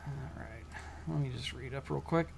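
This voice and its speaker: A man narrating a tabletop role-playing game as game master, casual and halting with many fillers. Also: mid-range voice, vocal fry, a little mellow, slight background noise.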